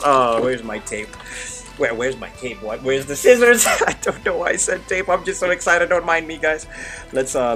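A young man hosts a casual unboxing vlog and keeps bursting into excited, high-pitched shouts between rambling stretches full of fillers. His voice is bright and forceful. Faint music plays underneath. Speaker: YouTube unboxing host.

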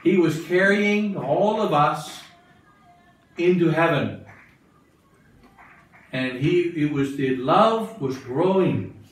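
A man's voice: fairly high pitch, takes it slowly, long pauses. A man, a bishop, giving a catechism talk to religious sisters, asking his listeners questions and repeating phrases for emphasis. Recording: very echoey room, mic far off.

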